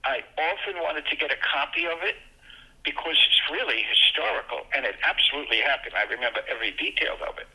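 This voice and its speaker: Speaking fast with a creaky voice, this older man from Brooklyn, New York shares childhood stories as a guest in easygoing conversation. He stays animated and jumps into excited high-pitched voices for quoted moments, though the audio quality is poor.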